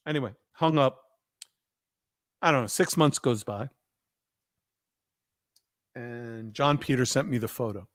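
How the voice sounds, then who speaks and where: A man hosting a podcast, telling a story in an animated way and acting out the people he quotes. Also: medium pitch, measured pace, long pauses, no echo, studio quality. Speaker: podcast host. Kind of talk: casual storytelling chat.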